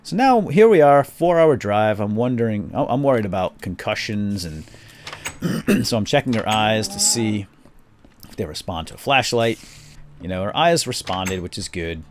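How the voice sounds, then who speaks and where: A middle-aged man telling a family story while playing a game, switching to quiet muttering when he deals with the game. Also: lowish voice, normal speed, a little hiss or hum. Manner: animated storyteller, drops to quiet muttering over game actions. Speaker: gaming video host. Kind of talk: storytelling during a game playthrough.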